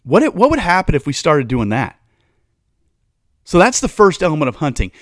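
A man's voice: a little high, sing-song, moderate pace, dry recording, clean studio sound. A man hosting a podcast, preaching with fire and throwing rhetorical questions at his listeners. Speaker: podcast host. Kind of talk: casual podcast monologue.

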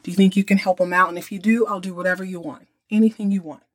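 A woman's voice: lowish voice, steady tone, fast talker, close to an everyday voice. A Southern woman quoting an earnest young man pleading with his father, in her own chatty voice. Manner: pleading, apologetic.

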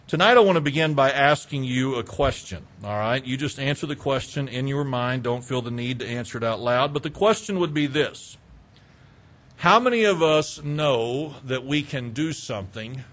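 A man's voice: mid-range voice, fairly bright tone. A man preaching a conversational sermon as a pastor, asking the congregation questions and acting out little everyday exchanges.

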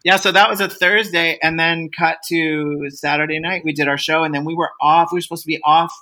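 A man's voice: fairly high pitch, brisk. A man who is a guest actor, casually and fondly reminiscing about a past show in a podcast interview. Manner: relaxed, fond reminiscing, casual swearing.

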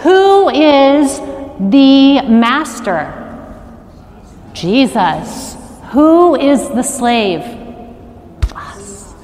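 Slow-talking woman preaching in a reverberant church. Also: sits high, soft background music. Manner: animated, calls on the congregation to answer and repeat. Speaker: worship arts director preaching. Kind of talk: sermon. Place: church sanctuary. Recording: long reverb of a large church hall.

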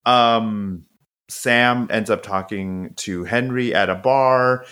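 A man with a fairly low voice chats through a show recap for his podcast. He talks in an animated way, swears freely and slips into high, mocking voices when he quotes the characters. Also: slow pace. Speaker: podcast co-host. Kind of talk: casual recap chat.

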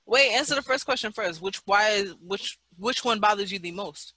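A man's voice: sits high, moderate pace, sharp tone, dry recording, poor audio. A man hosting a casual podcast, reading out questions and laughing along with his guests. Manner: reads out prompts, laughs along. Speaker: podcast host.

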